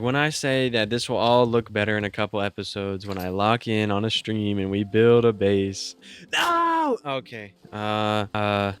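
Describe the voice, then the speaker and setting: Young man, gameplay commentary, fairly low voice, excitable, self-mocking, thinks out loud. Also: clear, resonant tone. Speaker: gaming YouTuber.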